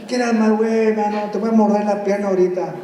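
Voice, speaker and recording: A man's voice: high-pitched, little pitch movement, rapid-fire, distant mic, a crowd in the background, voice pushed up, close to an everyday voice. A man voicing a tough male dog that threatens to bite, speaking in a raised, comic growl in an echoey hall. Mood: menacing, playful. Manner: threatening, mixes in Spanish slang. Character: snarling tough male dog, picking a fight.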